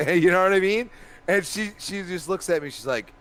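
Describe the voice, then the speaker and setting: A man's voice: high-pitched, normal speed. Man telling rambling family stories. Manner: rambling animated storyteller, many restarts and laughs. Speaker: podcast co-host. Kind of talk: casual chat.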